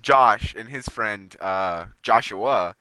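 Bright-voiced young man, dry close sound. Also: lowish voice, clean tone, no room sound. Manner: halting anecdote teller, joking. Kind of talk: casual chat.

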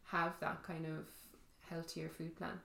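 A woman co-hosting a podcast in casual chat, agreeable and quick to laugh. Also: low voice, flat delivery, creaky, sharp tone. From Ireland. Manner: chatty, agreeable, laughs often. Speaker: podcast co-host. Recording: echoey room.

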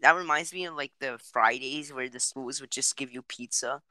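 Brief: bright, sharp-toned co-host, easygoing banter, dry sound. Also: medium pitch, normal speed, no room sound. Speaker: podcast co-host. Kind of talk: casual chat.

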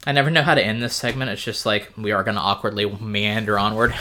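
A man's voice: on the low side, steady tone, fast talker, sharp tone. A man co-hosting a podcast in casual chat, easygoing, laughing often and hesitating with ums. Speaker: podcast co-host.

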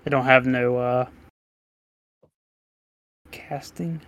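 A young man joking around on a podcast with his friends, playful and full of slang, his sentences strung together with filler words. His voice is mid-pitched and plain. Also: fairly even intonation, drawn-out words, fairly bright tone, no echo. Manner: playful, slangy, leans on "like" and "dude". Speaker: podcast co-host. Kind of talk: casual chat among friends.

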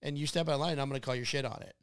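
A man's voice: mid-range voice, racing, a bit bright, clean tone. A man hosting a casual podcast chat, telling brash, rambling stories packed with swearing.

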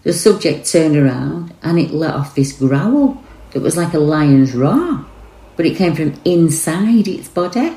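A woman's voice: sits low, big pitch swings, warm tone, reverberant, heavily acted, low-quality recording. A woman reading as a shaken eyewitness. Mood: earnest. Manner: earnest, rushed first-person retelling. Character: shaken eyewitness recalling a forest encounter.

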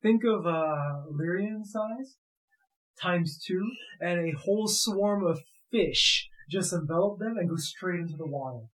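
A man acting as game master for a tabletop game, telling the scene with playful energy. He paints the action in a lively, casual way for his players. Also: high-pitched, measured pace, rough recording. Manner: animated, playful storytelling.

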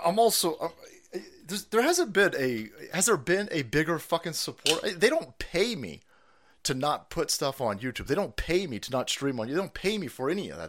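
A middle-aged man hosts a live stream with a profane, fed-up rant. His voice sits a touch high and leaps all over the place, dropping to exasperated mutters and then bursting out loud and animated. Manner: foul-mouthed, exasperated, swings between mutters and outbursts. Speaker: political streamer.

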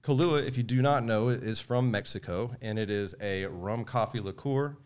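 A man's voice: fairly low pitch, normal speed, darkish tone, a little hiss or hum. A man, a podcast host chatting casually and explaining a cocktail step by step. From Southeast Texas.

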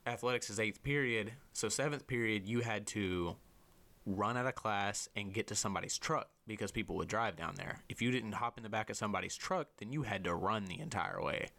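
Animated, swearing young man telling a story. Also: on the low side, moderate pace. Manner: animated, profane storytelling with lively voiced quotes. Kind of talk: casual storytelling chat.

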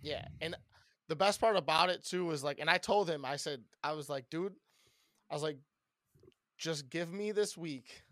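A man co-hosting a casual podcast, telling a story loudly and rambunctiously with a lot of swearing. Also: fairly high pitch, moderate pace, no echo, clean studio sound. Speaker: podcast co-host.

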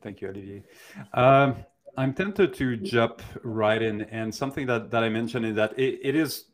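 A man's voice: mid-range voice, moderate pace. A man co-hosting an interview, asking long, winding questions with plenty of restarts. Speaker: co-host. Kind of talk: interviewing a guest.

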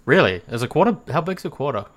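A man's voice: a little high, very animated, fast. A young man with a New Zealand accent, a podcast guest chatting casually, laughing often and swearing freely. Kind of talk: casual chat.

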